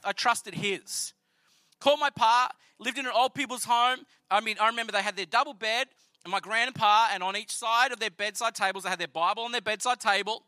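An Australian man tells his faith story as a sermon, earnest and conversational. His voice sits very high and has a piercing brightness. The recording is close and completely dry. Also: dry recording. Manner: earnest, conversational, animated retelling. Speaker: speaker sharing a personal testimony.

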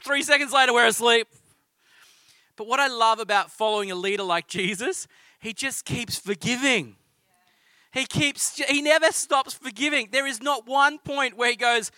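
Bright-voiced Australian man preaching. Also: very high-pitched, moderate pace, pauses often, clean tone, no echo. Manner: conversational storytelling. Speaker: pastor. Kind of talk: sermon.

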